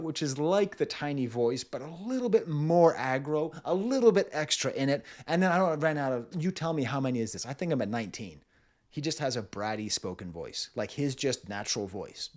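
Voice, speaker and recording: Animated man breaking down a rapper's voices. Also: fairly high pitch. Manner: playful, demonstrates vocal styles, laughs often. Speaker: music reviewer. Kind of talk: casual music analysis.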